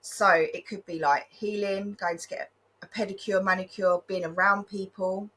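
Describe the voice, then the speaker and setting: Husky-voiced female co-host, thirties, earnest and self-deprecating. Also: mid-range voice, steady tone, moderate pace, bright, forceful tone, poor audio. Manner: earnest, sharing tips, laughs at herself. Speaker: podcast co-host. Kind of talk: casual chat.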